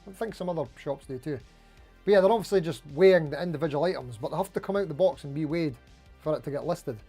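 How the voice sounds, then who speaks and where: A man's voice: on the high side, fast, mellow, husky, soft background music. A man hosting a casual livestream, greeting viewers by name and reading out their comments in a chatty, friendly way, often saying "mate" and "anywho". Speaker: livestream host.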